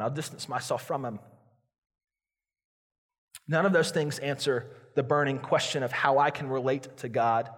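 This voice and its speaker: A man preaching a sermon as a pastor, earnest and confessional, acting out the inner prayers of his listeners. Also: mid-range voice. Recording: long hall reverb.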